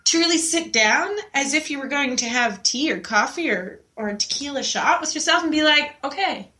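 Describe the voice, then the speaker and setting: Give me a woman hosting a casual podcast, with a high, bright, sharp voice. She sounds upbeat and enthusiastic throughout, chatting freely with her guest. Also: animated, moderate pace. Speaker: podcast host.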